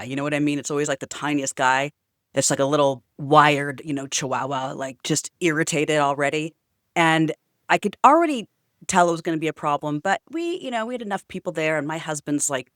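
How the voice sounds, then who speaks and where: A woman's voice: deep voice, fairly bright tone, no room sound, studio quality. A woman telling a story to camera in a casual, outspoken rant. She swears freely and fills her talk with chatty asides. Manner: chatty with many fillers. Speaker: vlogger.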